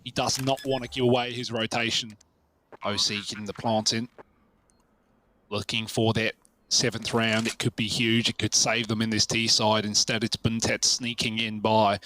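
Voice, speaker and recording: A man giving energetic live play-by-play commentary, his voice rising with the action. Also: mid-range voice, moderate pace, a little hiss or hum. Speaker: esports caster.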